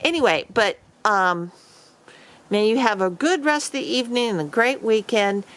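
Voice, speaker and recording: A woman's voice: on the high side, expressive, moderate pace, a bit bright. A woman vlogger casually telling a story to camera, rambling with many fillers and restarts.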